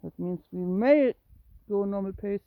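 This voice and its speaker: A cat owner filming a kitten walk on a handheld phone outdoors at dusk, coaxing the kitten with calls and high meows. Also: a little slow, no echo. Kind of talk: casual narration while walking. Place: outdoors in woods and grass at dusk. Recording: tinny phone-like sound.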